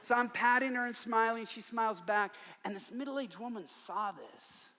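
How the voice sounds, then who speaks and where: An older man preaching a sermon in a large church, telling stories in an animated way and acting out the voices he quotes. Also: very high voice, normal speed, long reverb tail, a little hiss or hum. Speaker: guest preacher. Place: large church worship center.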